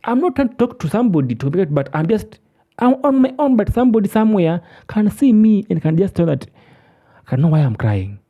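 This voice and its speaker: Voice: medium pitch, big pitch swings, fast talker, narrow, tinny audio. A speaker from Africa, delivering an impassioned, preachy monologue and repeating words for emphasis. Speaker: commentator.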